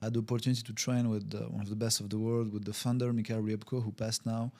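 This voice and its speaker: A man's voice: lowish voice, little pitch movement, racing, a little mellow. A man, a guest on a podcast, telling a story in conversation. He acts out the scenes with quoted voices, uses non-native phrasing, and often restarts his sentences. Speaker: podcast guest, wellbeing consultant.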